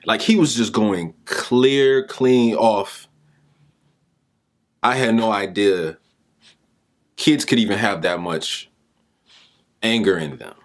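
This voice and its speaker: Animated man telling a story. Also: takes it slowly, pauses often. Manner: animated, informal, pitch jumps with emphasis. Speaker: speaker and mentor. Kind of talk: storytelling motivational talk.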